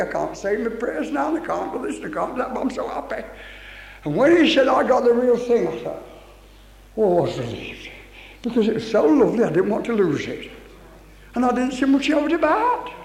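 An older man preaching with fervour, his voice pitched very high. He reads scripture and exclaims with zeal. His voice rings with a long echo through a church hall. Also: vocal fry, darkish tone. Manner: fervent, exclaiming, breaks into song. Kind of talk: fervent Pentecostal sermon with scripture reading. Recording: echoey hall reverb.

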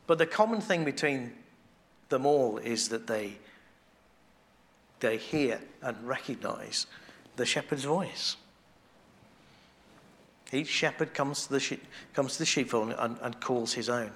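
A man preaching a sermon in a conversational way, restarting phrases as he thinks aloud and growing quiet and intimate on devotional points. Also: mid-range voice, takes it slowly, long pauses.

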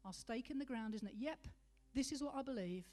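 A woman's voice: a little high, mellow. Woman preaching a sermon. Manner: rhetorical questions, emphatic pauses on key words.

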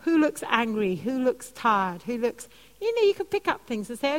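Woman preaching in a reverberant hall. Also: moderate pace. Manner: animated storytelling, soft lowered voice for quoted comforting words. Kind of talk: teaching session on prayer.

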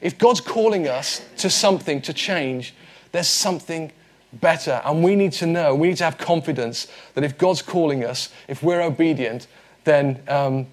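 Earnest preacher, slightly high voice. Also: male voice, moderate pace. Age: 40s. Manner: conversational, earnest, with light humor. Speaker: pastor. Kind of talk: sermon.

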